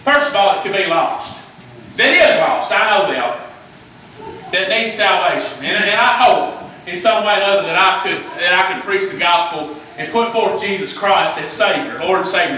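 A middle-aged man, preaching a fervent sermon that climbs into shouting, often repeating words as he restarts. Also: high voice, normal speed. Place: church. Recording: echoey room from a distance, faint noise.

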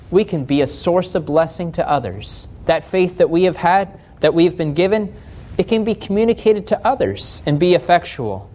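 American pastor preaching with lively pitch. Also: male voice. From United States. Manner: slows down for emphasis, reads scripture aloud, gentle humor. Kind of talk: sermon.

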